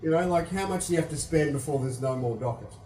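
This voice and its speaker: A young Australian man rambles through a stand-up set, sweary and self-mocking, his voice sitting a touch high for a man. He sounds set back from the mic in an echoey room. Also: quick pace, mellow, far from the mic, faint music behind. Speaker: stand-up comedian. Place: comedy venue with live audience.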